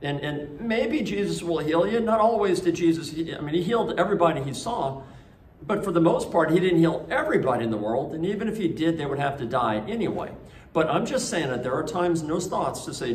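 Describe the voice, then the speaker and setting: A man's voice: a little high, lively intonation, brisk, a little hiss or hum. A man preaching a conversational homily at a school Mass, telling stories with frequent restarts. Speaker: priest. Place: church. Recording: echoey church.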